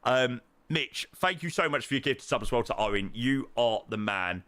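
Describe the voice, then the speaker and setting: A man chatting casually to his live-stream viewers as he plays, thanking supporters and reacting loudly to his own guesses. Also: medium pitch, moderate pace, dry recording. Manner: excitable, swings between muttering and loud outbursts. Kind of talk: casual live-stream chat while playing.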